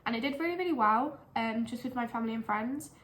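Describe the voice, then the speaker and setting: A young woman, a lifestyle blogger, chats casually in her home kitchen in a fairly high, bright voice at a quick pace. Her delivery is a bit breathless, full of rambling, giggly asides.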